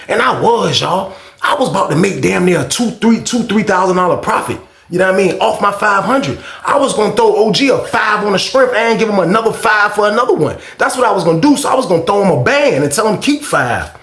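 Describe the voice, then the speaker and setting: A man telling a story to camera in a casual monologue, animated and profane, full of street slang, with outbursts that rise in pitch. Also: fairly quick, roomy sound.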